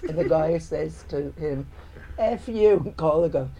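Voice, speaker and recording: A woman's voice: low voice, moderate pace, creaky. A woman guest in casual chat, telling workplace stories and acting out the people in them. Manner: animated storyteller, acts out customers and coworkers.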